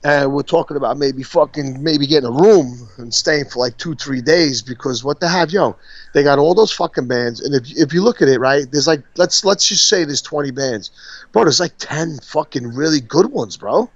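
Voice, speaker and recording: A man's voice: a little high, normal speed, no room sound. A man, co-hosting a podcast in casual chat, rambling profanely and laughing as he tells stories. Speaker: podcast co-host. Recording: dull, dry lo-fi sound.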